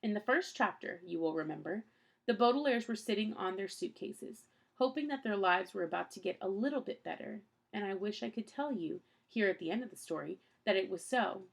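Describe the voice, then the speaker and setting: A woman's voice: medium pitch, animated, fairly quick, gravelly. A woman reading a children's novel aloud in a plain storytelling voice, with a few small slips. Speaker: audiobook reader.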